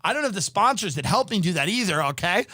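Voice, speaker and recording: A man ranting as a comedian and podcast host, loud and mocking, with exaggerated outrage. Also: sits high, very animated, fast, no room sound, studio quality. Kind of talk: comedic rant.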